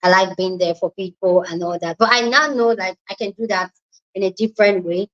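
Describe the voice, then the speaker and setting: On a muffled recording made indoors at home, a young southern Nigerian woman speaks briskly in a mid-range voice, her accent flavored with Delta pidgin. As livestream host, she keeps the chat casual and greets viewers by name.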